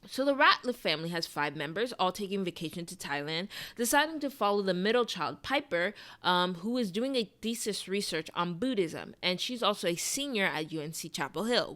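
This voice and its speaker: A woman's voice: lowish voice, a bit bright. A young woman from South Florida reading a scripted TV episode review, opinionated and wry, with frequent asides. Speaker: TV review vlogger.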